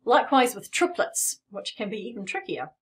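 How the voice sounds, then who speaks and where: With a fairly high pitch, big swings in intonation, and a moderate pace, a middle-aged woman teaches piano. Her manner is playful and encouraging as she explains rhythms and plays them, piano music in the background.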